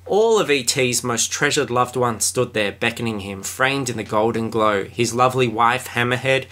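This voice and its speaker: A man hosting a podcast, reading a book aloud in a dry deadpan way with sarcastic comments in between. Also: medium pitch, normal speed. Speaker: podcast host. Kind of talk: comedic book reading and chat.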